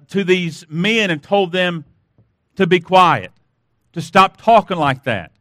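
A man's voice: sits high, bright, forceful tone, no echo, clean studio sound. A man preaching a sermon as pastor, emphatic, asking rhetorical questions and repeatedly urging listeners to listen.

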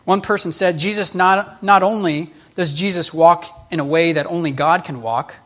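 High-voiced earnest male preacher. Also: normal speed, fairly bright tone. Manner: earnest, explanatory, with emphatic restarts. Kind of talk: sermon teaching.

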